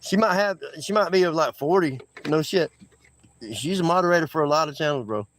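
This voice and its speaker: A man's voice: fairly high pitch, brisk, fairly bright tone, slight background noise. A man hosting a live stream, chatting casually with viewers in a laid-back, rambling way and laughing often. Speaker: livestream host. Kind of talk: casual livestream chat with viewers.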